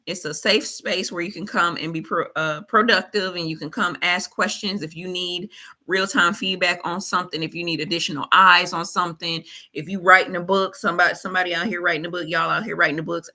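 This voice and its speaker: A woman's voice: on the low side, sharp tone. A woman hosting a motivational faith talk, colloquial, preachy and repetitive. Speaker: host.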